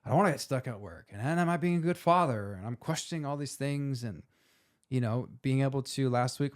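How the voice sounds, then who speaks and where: Forties guy, gravelly voice, heartfelt and emotional, real casual way of talking. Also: on the low side, a little mellow. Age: 40s. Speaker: firefighter guest. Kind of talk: candid personal interview.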